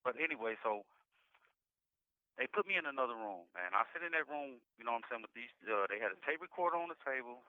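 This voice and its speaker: A man on a tinny, phone-like line with a dry, close sound tells his story in halting bursts. He speaks in dialect, repeats words and restarts sentences often. His pitch sits at a medium level for a man. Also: expressive, dry recording. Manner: halting, repetitive, frequent restarts and "you know what I'm saying". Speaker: incarcerated interviewee. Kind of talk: recounting past events in conversation. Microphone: jail phone call.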